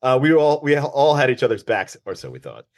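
A male comedian telling stories in a casual podcast chat, jokey and animated. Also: medium pitch, fast. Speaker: comedian guest.

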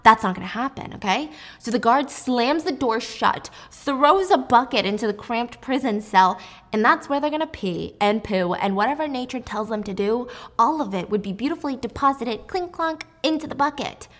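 A young woman recapping a story in a casual, jokey and animated way. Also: on the high side, moderate pace. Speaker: book recap host.

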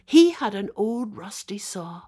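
An older woman with a Northern Irish accent telling a fairy tale to children in a lively, dramatic way. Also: mid-range voice, a little slow, husky. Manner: lively, dramatic, playful asides. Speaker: storyteller. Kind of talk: storytelling to children.

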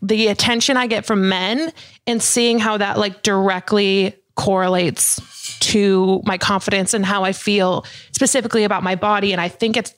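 A woman hosting a podcast, talking in a chatty, open way with a lot of "like". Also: mid-range voice. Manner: chatty and open, heavy use of "like". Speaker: podcast host. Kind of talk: casual podcast chat.

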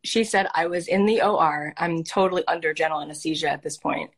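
A fast-talking woman with a deep voice hosts a heartfelt coaching conversation in the role of life coach. She comes across as earnest and emotional, with lively, animated storytelling.

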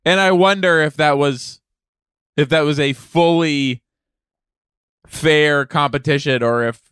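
A man's voice: fairly high pitch, takes it slowly, fairly bright tone, clean tone, no echo. A man on a podcast teasing his co-host in dry, casual banter.

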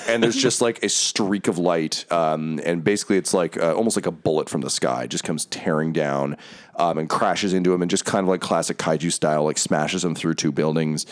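A young man narrating as game master, halting with many fillers and often laughing. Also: sits low.

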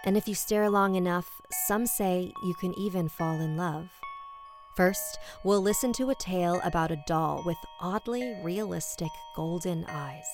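A woman hosts a horror podcast and reads a scary story in a hushed, measured voice. Her tone sits slightly low. Music plays under her narration the whole time.

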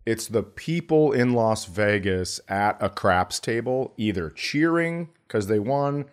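A man co-hosting a comedy podcast, telling a profane travel story with loud impressions. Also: lowish voice, lively intonation, slow, clear, resonant tone. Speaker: podcast co-host.

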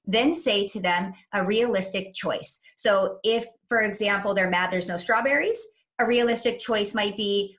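A woman parenting coach, a younger adult, giving advice in a chat and explaining things clearly step by step. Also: mid-range voice, moderate pace, fairly bright tone.

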